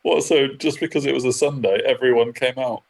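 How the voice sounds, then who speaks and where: A man's voice: mid-range voice, steady tone, fairly quick, creaky. A man co-hosting a podcast, teasing his co-host with dry quips in casual chat. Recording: noisy background hiss.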